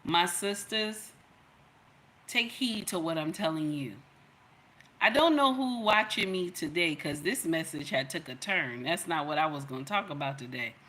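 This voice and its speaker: Middle-aged woman, bright and emphatic, preaching advice to her livestream audience. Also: low voice, expressive, normal speed. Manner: emphatic, sermon-like, addresses viewers directly. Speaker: livestream host giving relationship advice.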